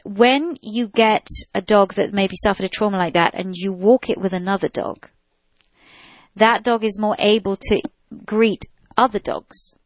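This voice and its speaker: Chatty woman with a gravelly edge. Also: mid-range voice, measured pace, dry recording. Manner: chatty, practical, with many fillers and restarts. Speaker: dog trainer answering listener questions. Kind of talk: radio call-in advice chat.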